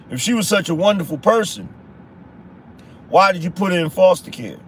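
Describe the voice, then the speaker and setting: A man with a high voice hosts an opinion podcast. He speaks bluntly and casually, swearing and driving points home with repeated rhetorical questions. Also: animated, moderate pace, pauses often, a little hiss or hum. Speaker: podcast host. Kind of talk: conservative opinion commentary.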